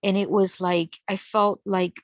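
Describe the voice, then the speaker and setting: A woman's voice: mid-range voice, level tone, unhurried, dry recording. A woman casually telling a personal story in a chatty way, acting out the people she quotes. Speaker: guest sharing a spiritual experience. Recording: dull, dry lo-fi sound.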